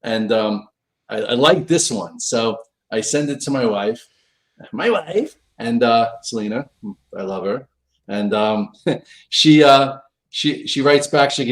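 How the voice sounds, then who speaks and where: A middle-aged man chats casually on a live stream, telling a funny story about himself. He acts out the other voices, his pitch swinging widely. His voice sits in a middle range. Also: a little slow. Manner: animated, acts out quoted dialogue with big pitch jumps. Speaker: pro trader on a live show.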